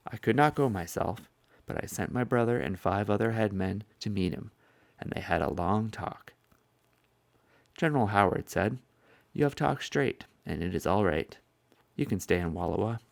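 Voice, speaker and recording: A man reads a historical first-person account in a measured, solemn voice that sits low and gravelly. The recording is close and dry, with no room echo. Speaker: narrator. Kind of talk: solemn reading of a historical speech.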